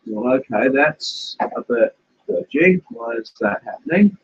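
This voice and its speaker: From his home fish room, a man hosts a casual live stream, chatting and thinking aloud as he reads comments. His mid-range voice is expressive and a little slow, with background noise over dull lo-fi stream audio.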